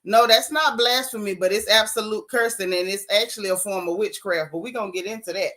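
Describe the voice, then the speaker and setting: Talking a little fast in a medium pitch, this woman runs a gossip stream and reads viewer comments in a lively, casual chat. "Y'all," "baby," and "honey" come up as she speaks straight to her chat.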